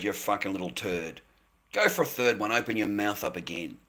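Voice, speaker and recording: A man's voice: low voice, animated, brisk, fairly bright tone. A man with an Australian accent talking casually to his viewers, blunt and sweary, circling back and repeating his points as he rants. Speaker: livestream host.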